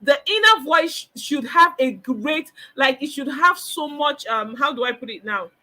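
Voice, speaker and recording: A woman's voice: high voice, expressive, measured pace, pushed and bright. A woman giving a motivational counseling talk, emphatic, repeating phrases and acting out the voices she describes. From Nigeria.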